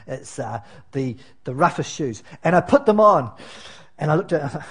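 Man, pastor, husky, slightly high voice, chatty sermon, lots of ums. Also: animated, moderate pace. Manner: conversational, self-deprecating, many fillers and restarts. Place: church.

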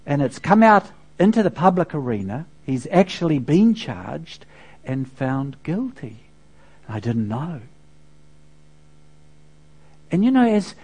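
A man's voice: sits high, big pitch swings, normal speed, a little mellow, breathy edge. A man, a pastor preaching a sermon in a conversational, storytelling way with frequent asides to the congregation.

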